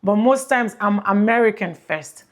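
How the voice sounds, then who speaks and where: A woman's voice: medium pitch, lively intonation, moderate pace. A woman in her thirties with a Nigerian accent, chatting casually to viewers on her vlog through a plug-in mic, rambling and repeating herself. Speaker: vlogger. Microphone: plug-in mic on phone.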